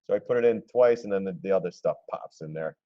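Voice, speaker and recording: A man hosting a casual live stream, commenting on stock charts in an excitable, gleeful way and often clearing his throat. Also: low-pitched, quick pace, muffled recording. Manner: excitable, gleeful when shorts pay off, throws in mocking voices.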